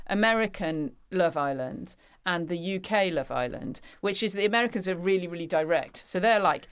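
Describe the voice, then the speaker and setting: A woman's voice: mid-range voice, normal speed, hardly any pauses, clear, resonant tone, dry recording, studio quality. A woman hosting a newspaper review podcast in a casual, chatty way, laughing often as she reads bits from articles. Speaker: podcast host.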